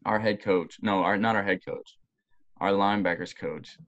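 Young man, low voice, casual podcast chat, swearing, animated, rambling anecdotes. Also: normal speed, dull audio. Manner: rambling, profane, animated storytelling with voiced quotes. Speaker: guest, former college football player.

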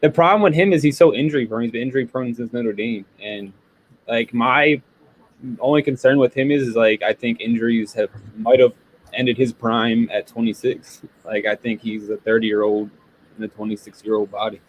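A man's voice: medium pitch, fairly even intonation, normal speed, rough recording. A man co-hosting a casual sports podcast, blunt and profane, often laughing. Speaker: podcast co-host.

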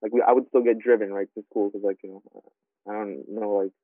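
A man's voice: on the low side, steady tone, brisk, no room sound. A man from New York in casual podcast chat, talking loosely with many filler words and restarts. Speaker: podcast co-host. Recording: tinny phone-like sound.

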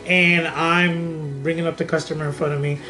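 A young man with a somewhat high voice talks on a podcast. He rambles through his story with many restarts. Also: level tone, normal speed, pushed and bright. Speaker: podcast co-host. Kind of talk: casual chat.

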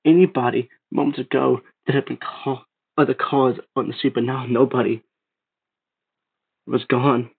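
A man reading a creepypasta aloud, steady but stumbling and restarting now and then. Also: medium pitch, normal speed, vocal fry, breathy edge. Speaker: narrator. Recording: tinny phone-like sound.

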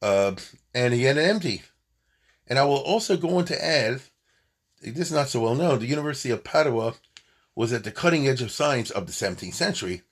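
A man's voice: medium pitch, lively intonation, fairly quick, breathy edge. A man giving an informal lecture on history, chatty and digressive, often checking in with his listeners.

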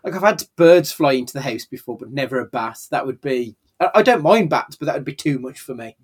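A man co-hosting a casual film review chat, sweary and animated. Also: mid-range voice, brisk, husky. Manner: sweary, animated, laughing often. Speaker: podcast co-host.

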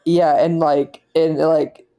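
Woman podcast co-host, deep and warm-toned, rambling casual retellings. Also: level tone, slow. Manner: rambling, loosely strung retellings. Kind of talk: casual chat reviewing a TV episode.

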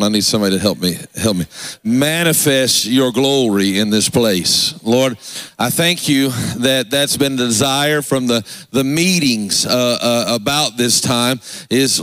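A man's voice: mid-range voice, fairly bright tone, dry recording. A man preaching a fervent revival sermon in a church, with call-and-response asides to the congregation. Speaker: pastor. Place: church sanctuary.

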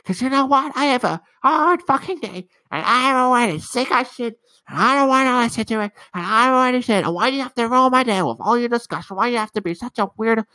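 A young man putting on the voice of his exasperated middle-aged mother, ranting in a high, strained tone. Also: animated, fast talker, bright, forceful tone, no room sound, exaggerated voice, low-quality recording. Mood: angry ranting.

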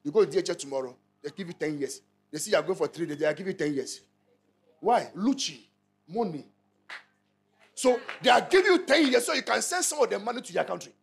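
Gravelly Ghanaian pastor preaching, emphatic. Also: male voice, sits high, expressive, quick pace. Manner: repetitive, call-and-response, emphatic. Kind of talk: sermon.

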